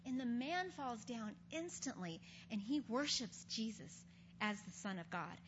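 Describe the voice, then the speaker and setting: A woman's voice: a little high, lively intonation, unhurried. A woman giving a conversational Bible teaching, earnestly retelling scripture stories in everyday speech. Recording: dull recording with faint hum.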